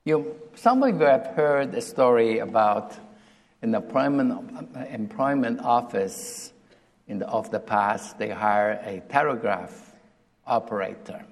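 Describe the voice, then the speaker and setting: Man preaching, gravelly voice, deliberate and halting, echo of a big hall. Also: mid-range voice. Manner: deliberate, halting, with restarts and emphasis. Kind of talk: sermon retelling a scripture story. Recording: long reverb of a hall.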